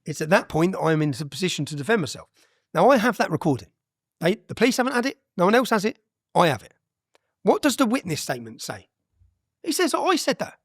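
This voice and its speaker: A man's voice: sits high, big pitch swings, fast, no echo, clean studio sound. A man, a guest on an interview podcast, telling his story bluntly and with energy, with frequent "yeah?" tags and some swearing.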